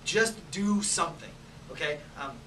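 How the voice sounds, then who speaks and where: A man runs an improv class with an upbeat, chatty manner, laughing as he coaches. His voice sits high. He is recorded from a distance in an echoey room with steady background noise. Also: moderate pace. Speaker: improv teacher. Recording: roomy, distant mic, noisy.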